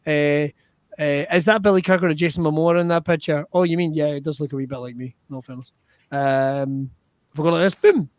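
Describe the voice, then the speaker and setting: A man hosting an improv livestream in an excitable, jokey way, swearing freely. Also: fairly high pitch, a little fast, dry recording. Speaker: improv show host.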